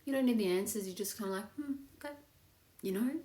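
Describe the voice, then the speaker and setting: A woman's voice: medium pitch, rapid-fire, warm tone. A woman hosting a casual live chat that leads into a meditation, upbeat and swearing freely. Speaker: meditation host. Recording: echoey room with faint music.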